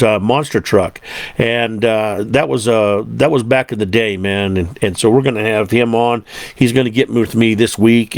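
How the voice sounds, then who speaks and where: A man's voice: mid-range voice, no echo. A man hosting a podcast, telling stories in a laid-back, rambling way with lots of "man" and "dude". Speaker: podcast host. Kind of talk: casual storytelling chat.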